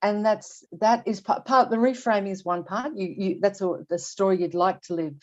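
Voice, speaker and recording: Halting older woman, dull lo-fi audio. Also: medium pitch, steady tone. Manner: halting, restarts and repeats words. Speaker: guest expert. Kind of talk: candid podcast conversation.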